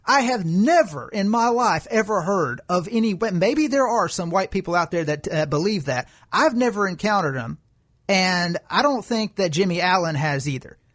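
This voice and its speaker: A man's voice: high-pitched, expressive, normal speed, a bit bright. A man co-hosting a political podcast, making his case in an emphatic, lecturing way. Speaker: podcast co-host. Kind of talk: political commentary chat.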